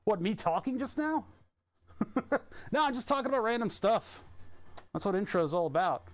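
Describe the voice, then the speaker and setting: A man's voice: high-pitched, expressive, normal speed. A man chatting casually on his stream, rambling and restarting sentences with little chuckles. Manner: rambling, self-interrupting, chuckling.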